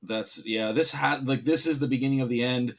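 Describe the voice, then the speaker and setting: A man casting a live card game tournament who gets excited and exclaims at big plays. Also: mid-range voice, fairly quick, creaky, over a noisy crowd. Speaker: tournament caster.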